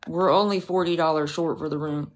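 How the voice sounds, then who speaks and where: A woman's voice: deep voice, steady tone, a little fast. A woman livestreaming, talking back to her chat in a profane, confrontational, scolding rant.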